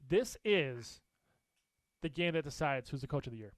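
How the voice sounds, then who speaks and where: A man co-hosting a casual sports talk show, animated and opinionated, laughing often as he makes his picks. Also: on the high side, moderate pace, no echo. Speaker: co-host.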